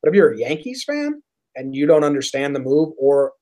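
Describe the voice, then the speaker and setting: Fast, opinionated young guy talking baseball. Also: a little high. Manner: animated, opinionated, talks in quick bursts. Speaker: podcast co-host. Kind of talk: casual sports chat.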